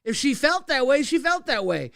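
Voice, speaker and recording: A man's voice: very high voice, sing-song, normal speed, gravelly, fairly bright tone, no room sound, clean studio sound. A man co-hosting a livestream, talking casually, defensive and emphatic with profanity. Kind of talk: casual stream chat.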